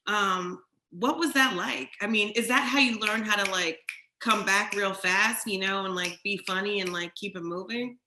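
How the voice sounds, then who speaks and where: A woman's voice: medium pitch, normal speed, sharp tone, echoey room, a little hiss or hum. A woman interviewing a guest in a chatty, loose way, full of casual fillers.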